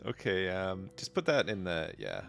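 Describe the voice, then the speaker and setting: A man's voice: low-pitched, huge pitch swings, moderate pace, gravelly, a bit bright. A middle-aged man, chatting casually and joking while streaming a game. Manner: rambling, joking, laughs easily. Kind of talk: casual chat while gaming.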